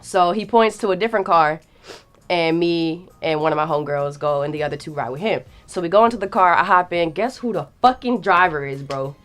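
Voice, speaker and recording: A lowish, fairly quick female voice carries this story, with soft music in the background. The guest storyteller, a young woman, talks in an animated, slangy way and performs the quotes with big leaps in her voice.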